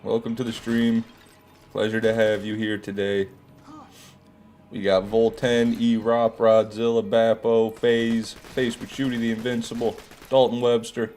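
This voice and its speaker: A man's voice: fairly low pitch, flat delivery, measured pace, a little mellow. A man with a groggy morning voice hosting a live gaming stream. He chats casually, reads out viewer messages and swears when things go wrong.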